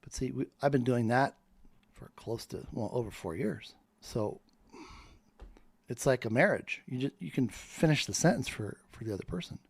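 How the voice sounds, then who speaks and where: A man's voice: medium pitch, lively intonation, moderate pace, creaky, husky, dry recording. A man in a fervent, preacher-like monologue that rambles from point to point. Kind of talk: spoken monologue.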